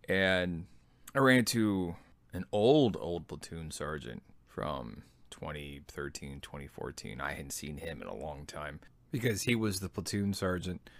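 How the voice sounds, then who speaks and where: A man's voice: extremely low pitch, expressive, unhurried, vocal fry, no echo. A man in his thirties telling personal army stories in a laid-back, self-deprecating, rambling way. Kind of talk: personal storytelling.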